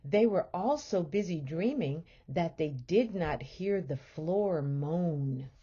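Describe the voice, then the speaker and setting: A woman teacher reads a children's book aloud in a gentle, expressive voice. She is low and mellow, a little husky, and moves slowly with a lively melodic lilt. The recording sounds muffled and lo-fi. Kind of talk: storybook read-aloud.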